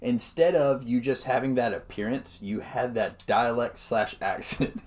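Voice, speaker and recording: A man co-hosting a podcast in casual chat, animated and laughing often, calling people dude and man. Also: mid-range voice, moderate pace, hardly any pauses. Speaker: podcast co-host.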